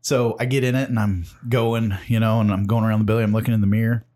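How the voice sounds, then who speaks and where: A man's voice: fairly low pitch, flat delivery, quick pace, dark tone. A man in his forties casually telling profane stories about his working life. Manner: profane, laid-back storyteller. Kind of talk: casual storytelling.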